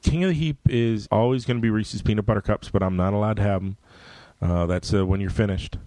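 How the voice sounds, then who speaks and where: In a dry recording, a middle-aged comic book writer speaks fairly quickly in a voice on the low side. He tells stories conversationally, jumping into loud voices to deliver quoted lines.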